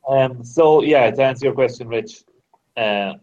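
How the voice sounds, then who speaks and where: A man's voice: medium pitch, unhurried, crowd noise. Podcast guest man on a dull line. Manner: relaxed, hesitant, agreeable. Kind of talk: casual podcast chat.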